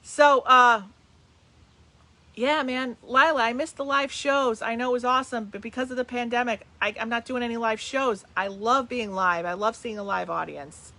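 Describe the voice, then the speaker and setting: A bright, energetic middle-aged woman talks to her viewers over a webcam. She is from New Jersey and hosts a live stream as a medium, greeting people by name and chatting loosely. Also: on the high side, moderate pace. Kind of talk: casual live-stream chat. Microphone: webcam on a video call.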